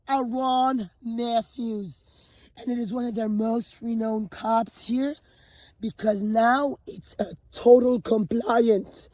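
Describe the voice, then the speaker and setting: High-voiced woman on an agitated rant. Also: no room sound. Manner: agitated and profane, lurching between shouting and low muttering. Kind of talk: ranting monologue.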